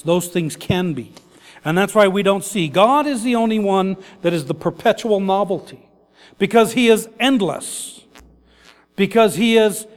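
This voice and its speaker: A man's voice: high-pitched, big-room sound. A man preaching a sermon as pastor, earnest and repetitive, building his points in lists.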